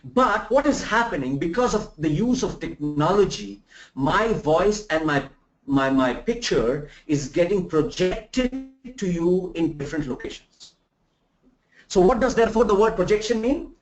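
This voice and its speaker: A man from India delivers a live remote soft skills lecture from a room in Bangalore, animated and unhurried in a high-pitched voice. He asks the audience rhetorical questions and demonstrates examples. The sound is roomy, dull and lo-fi.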